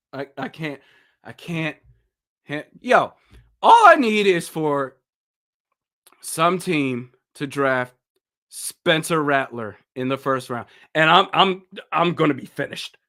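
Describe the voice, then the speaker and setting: A man hosting a casual livestream, speaking in an unhurried drawl with a bright, ringing tone that sits a little high. His pitch swings widely as he exclaims in disbelief and breaks into fits of laughter. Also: expressive. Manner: bursts of laughter, incredulous and exclaiming. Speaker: livestream host.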